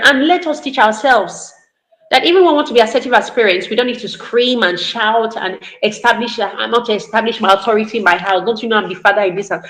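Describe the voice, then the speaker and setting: Earnest woman on a roomy call. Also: on the high side. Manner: earnest, repeats points for emphasis. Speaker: parenting educator. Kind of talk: online parenting talk. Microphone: video call. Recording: roomy echo.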